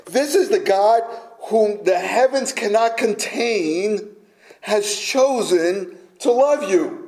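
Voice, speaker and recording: A man preaching a sermon slowly and emphatically, sometimes dropping to a near-whisper for effect. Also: high-pitched, animated, a little mellow, poor audio.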